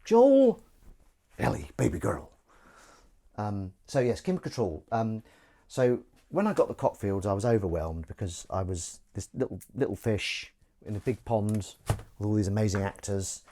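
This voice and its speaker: A man's voice: lowish voice, animated, normal speed, warm tone. A man, an actor, chatting loosely and self-deprecatingly to live-stream viewers while he does the washing up in his kitchen. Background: faint running water and dish clatter.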